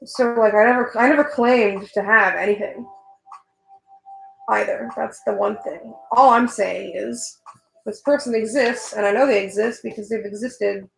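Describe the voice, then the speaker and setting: Gravelly-voiced woman rambling while she draws. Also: mid-range voice, fairly even intonation, normal speed, reverberant, rough recording. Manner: rambling, swears casually, gets heated. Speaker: artist vlogger. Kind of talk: casual chat while drawing.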